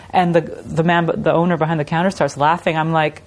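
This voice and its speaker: A woman's voice: lowish voice, fast talker, few pauses. A middle-aged woman, an artist, chatting casually in an interview and telling stories with laughs and imitations. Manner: animated storytelling with laughs and imitations. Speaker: artist guest.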